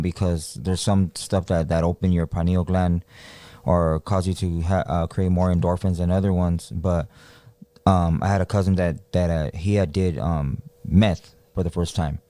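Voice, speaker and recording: A man's voice: deep voice, no room sound. A man, co-hosting a podcast and telling a story in a loose, slangy way. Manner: animated storyteller, acts out quoted voices, slangy. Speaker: podcast co-host. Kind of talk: casual storytelling chat.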